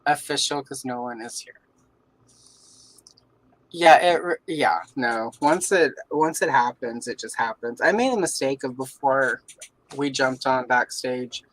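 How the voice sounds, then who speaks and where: A woman's voice: rumbling low, measured pace, no echo, poor audio. Brief: Southern-accented woman, livestream host, chatty and jokey, dry close sound. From Southern United States. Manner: chatty, jokey, greets viewers by name. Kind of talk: casual chat while coloring on stream. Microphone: streaming setup.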